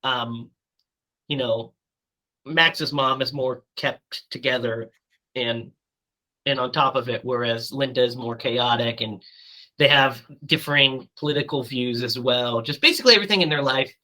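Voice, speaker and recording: A woman co-hosting a casual movie podcast, chatty and quick to laugh, talking while she has the hiccups. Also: rumbling low, steady tone, sharp tone. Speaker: podcast co-host.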